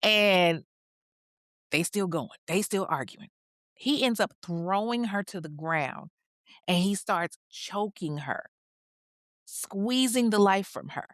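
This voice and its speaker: A woman's voice: medium pitch, animated, takes it slowly, long pauses, a bit bright, no echo, clean studio sound. A woman hosting a podcast, telling a true crime story in a casual, slangy way with chatty asides.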